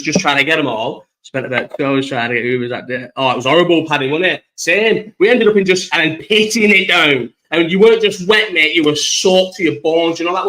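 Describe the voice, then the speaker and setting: A man's voice: a little high, fairly bright tone, low-quality recording. Sweary man hosting a podcast. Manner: rambling, swears freely, chatty storytelling. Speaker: podcast host. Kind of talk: casual live-chat podcast.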